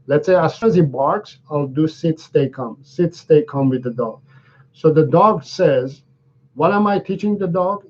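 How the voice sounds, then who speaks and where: Higher-voiced man teaching dog training. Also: measured pace, lo-fi sound. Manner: repetitive, restarts sentences, checks understanding. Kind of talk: live Q&A lesson.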